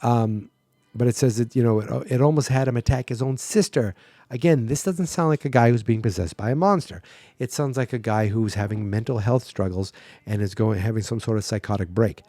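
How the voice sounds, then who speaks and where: A man's voice: mid-range voice, brisk, warm tone, dry recording. A man hosting a podcast, casually recapping a movie plot with sarcastic asides. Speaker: podcast host.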